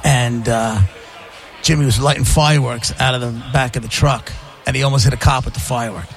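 A man hosting a casual chat, asking quick questions and telling his own story with quoted voices. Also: medium pitch, fairly even intonation, soft background music.

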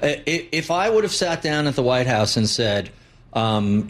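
A man's voice: medium pitch, very animated, normal speed. Blunt, opinionated male market guest. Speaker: guest investment commentator. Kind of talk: broadcast interview.

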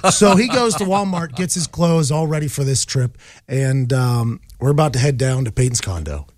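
A man's voice: expressive, normal speed, no echo. A man telling a funny story on a talk show, acting out the quotes and tacking "right?" onto his lines. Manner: acts out quotes with big pitch jumps, fillers like "right?". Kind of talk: animated comedic storytelling.

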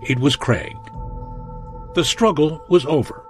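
A man narrating a true-crime documentary in a measured, dramatic storytelling manner. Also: fairly high pitch, animated, loud music behind the voice.

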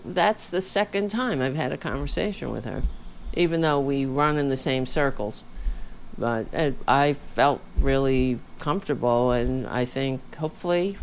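Tired woman host, low-pitched, casual rambling delivery, home mic, faint room hum behind. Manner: rambling, chatty, candid. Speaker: podcast host. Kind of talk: casual livestream chat. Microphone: home studio microphone.

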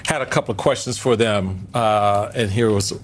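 A man co-hosting a political talk show, posing a long question in a measured way with frequent fillers. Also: fairly low pitch. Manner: measured, with many filler uhs and ums. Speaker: show co-host.

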